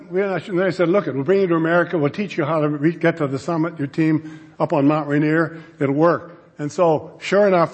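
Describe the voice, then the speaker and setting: A man giving a storytelling talk to an audience, acting out the dialogue of his anecdotes. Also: fairly high pitch. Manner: animated, acts out quoted dialogue. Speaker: speaker telling a story to an audience. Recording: long reverb from a large hall.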